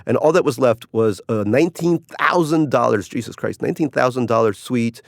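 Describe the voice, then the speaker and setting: A man's voice: medium pitch, fairly quick, gravelly, no room sound, clean studio sound. A middle-aged man, an author, talking casually and wryly in an interview, rambling and putting on mock voices. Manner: wry and rambling, mock voices for quotes, laughs often. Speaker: author interviewed about his cruise article.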